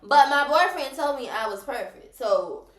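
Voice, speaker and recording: A woman's voice: high-pitched, animated, normal speed, echoey room, a crowd in the background. A woman co-hosting a casual chat podcast, blunt, sassy and defiant. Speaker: podcast co-host.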